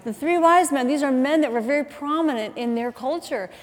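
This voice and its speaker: Woman preacher, middle-aged, somewhat high voice, chatty storytelling, long hall reverb. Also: fairly quick. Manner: chatty, animated storytelling with asides and self-corrections. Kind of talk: sermon. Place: church auditorium.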